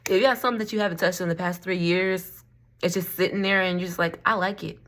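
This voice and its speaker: Talking to the camera at home, this Florida vlogger and crystal seller rambles, laughs a lot, and uses "y'all." She speaks quickly in a lowish, slightly bright voice with fairly even intonation.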